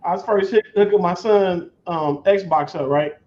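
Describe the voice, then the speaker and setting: A man hosting a casual livestream chat, telling an animated story and laughing a lot. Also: sits high, unhurried. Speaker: host. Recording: dull lo-fi stream audio with faint noise.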